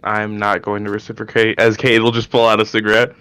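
A man's voice: fairly low pitch, completely flat delivery, quick pace, sharp tone, clean tone, no echo. A young man playing a tabletop game in a laid-back, dry way. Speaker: player.

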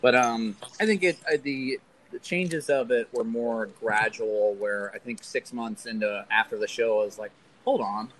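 A man's voice: medium pitch, normal speed, a bit bright, low-quality recording. Laid-back young man rambling. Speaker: podcast guest. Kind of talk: casual chat.

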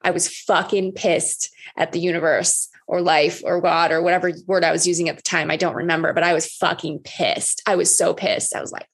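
A woman's voice: on the low side, fairly quick, slightly rough. Candid, frank-talking woman coach. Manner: candid, swears freely, acts out her own past words. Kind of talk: casual conversation.

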